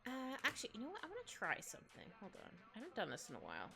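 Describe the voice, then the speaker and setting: A woman's voice: sits high, wildly swooping pitch, quick pace, creaky. A woman chatting casually while she draws on a live stream, rambling and giggly, with many little asides. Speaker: digital artist streaming her drawing. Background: soft background music.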